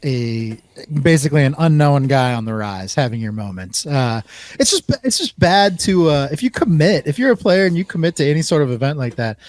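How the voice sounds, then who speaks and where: A man's voice: on the high side, very animated, a little mellow, no room sound. A man co-hosting a sports podcast, teasing and bantering in casual chat. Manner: teasing, quick to agree and banter. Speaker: podcast co-host.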